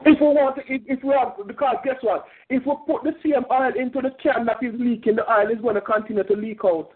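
A man's voice: very high-pitched, fast talker, breathy edge. A man preaching a sermon with fervent, repetitive delivery. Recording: tinny phone-like sound.

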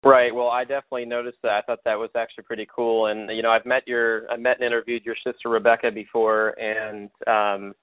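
A man's voice: medium pitch, level tone, a little fast, hardly any pauses, dry recording. American male host, friendly and meandering, on a dry phone-line recording. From United States. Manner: friendly, rambling. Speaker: podcast host. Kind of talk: casual interview.

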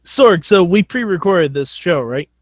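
A man co-hosting a casual podcast chat over a video call, jokey and teasing, swinging between loud bursts and quiet asides. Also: high voice, lively intonation, measured pace, no room sound, studio quality. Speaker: co-host.

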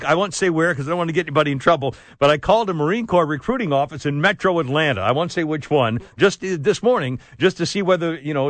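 A man's voice: on the high side, fairly bright tone, dry recording. A middle-aged man hosting a talk radio show, brash, joking and rambling. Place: radio studio.

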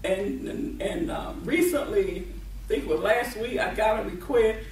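A woman's voice: medium pitch, moderate pace, darkish tone, slight background noise. A woman preaching a sermon at a deliverance meeting, emphatic, laughing often and repeating and restarting her words. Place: meeting venue. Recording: echoey room, voice from far off.

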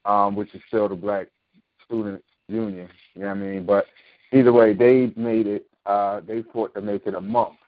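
A man's voice: fairly low pitch, little pitch movement, normal speed, dry recording. A man hosting a casual talk show, explaining his views emphatically and often asking "you know what I mean?". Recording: thin phone-like sound.

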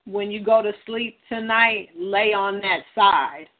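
A hesitant woman with a dry throat speaks in a middling voice on a church call, searching for her words with plenty of fillers and restarts. The audio is thin and tinny, like a phone line. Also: medium pitch. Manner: halting, hesitant, many fillers. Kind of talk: casual prophetic sharing on a group call.

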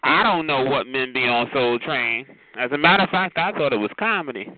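A man's voice: mid-range voice, expressive, fairly quick, no room sound. A man giving teasing, flamboyant gossip commentary, calling people child and honey and laughing often. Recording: tinny phone-like audio with crowd noise.

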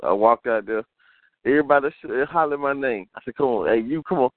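Telling animated stories on the casual podcast he co-hosts, a man with a mid-range voice talks briskly, acts out quotes, and laughs a lot. His sound is thin and phone-like with a faint hiss underneath.

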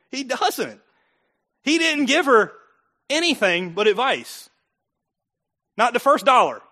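Male pastor, middle-aged, animated sermon delivery with jokes and acted-out voices; high, bright tone. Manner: animated, joking, acts out voices.

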